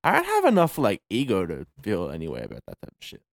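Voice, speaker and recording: A man's voice: fairly low pitch, wildly swooping pitch, fast talker, vocal fry, dry recording, studio quality. A man in a casual podcast chat, laid-back and mumbling, swearing freely.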